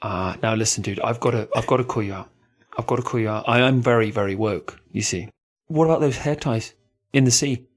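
A man's voice: medium pitch, fairly quick. A man hosting a podcast in casual chat, teasing his co-host and swearing freely.

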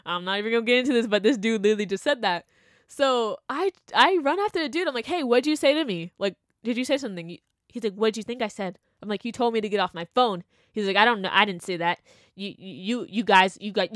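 Young woman, chatty storyteller, highish voice, dry close sound. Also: dry recording. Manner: animated, chatty, full of "like" and laughter, acts out quotes. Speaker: vlogger. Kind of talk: casual storytelling.

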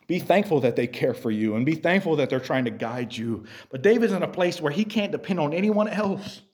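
A man preaching to young people, fairly high-pitched and very animated. He drops low and quiet, then climbs to excited shouts, talking straight at his listeners. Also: brisk. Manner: animated, swings from quiet to shouting, direct address. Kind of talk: sermon to youth.

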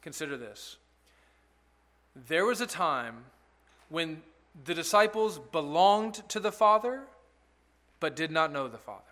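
A man's voice: fairly high pitch, expressive, unhurried, long pauses, a bit bright. A male pastor giving an expository sermon in an earnest, conversational way, asking rhetorical questions.

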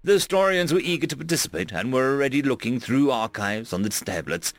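Gravelly male sci-fi storyteller. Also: medium pitch, animated, a little fast, no room sound. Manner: casual, fillers between voices.

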